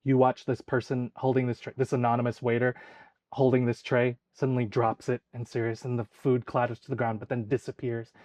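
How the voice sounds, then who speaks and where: A man's voice: mid-range voice, level tone, brisk, a little mellow, dry recording. A man acting as game master, narrating scenes in vivid, descriptive detail.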